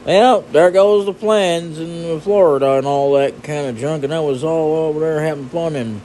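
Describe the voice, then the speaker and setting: A man's voice: a little high, normal speed, few pauses, dark tone, a little hiss or hum. A man rambling goofily over a puzzle game, talking to himself and humming nonsense. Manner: goofy, rambling, hums nonsense tunes. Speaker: gaming channel host. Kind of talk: casual gameplay commentary.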